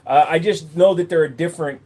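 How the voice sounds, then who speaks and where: A man's voice: fairly high pitch, fairly quick, mellow. A man hosting a casual livestream, answering chat with crude, profane, mocking banter. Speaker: livestream host.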